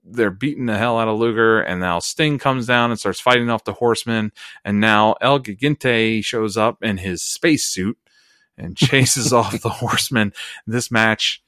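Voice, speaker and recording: A man co-hosting a podcast talks through an old wrestling show in a relaxed, rambling way. His voice sits fairly low, and it is recorded close and dry with no room sound. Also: unhurried, no echo. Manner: laid-back, laughs often, rambling asides. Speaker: podcast co-host. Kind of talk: casual wrestling recap chat.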